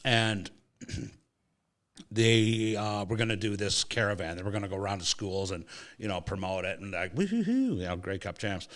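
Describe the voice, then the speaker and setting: A man's voice: on the low side, moderate pace. A man hosting a sports podcast, telling a casual anecdote with swearing and acted-out quotes. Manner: animated, swearing, acts out voices in anecdotes. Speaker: podcast host. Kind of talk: casual storytelling chat.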